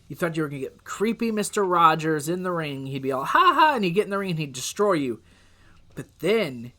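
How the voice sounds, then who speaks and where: A young man hosting a casual countdown, talking loosely and rambling, with drawn-out pauses and muttered asides. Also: a little high, pushed and bright. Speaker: host.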